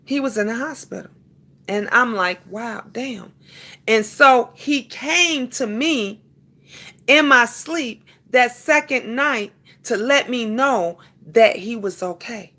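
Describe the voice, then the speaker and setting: High bright-voiced woman preaching on live stream. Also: slow pace. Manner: preachy, addresses viewers and chat by name; emphatic repetitions, calls listeners honey. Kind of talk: casual live-stream talk.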